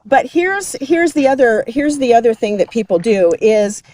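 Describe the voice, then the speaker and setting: A woman's voice: fairly high pitch, expressive, moderate pace, darkish tone, no room sound. A woman hosting a casual health talk while out on a hike, explaining things in an upbeat way. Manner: explanatory, upbeat, laughs easily. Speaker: host. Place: outdoors on a hike.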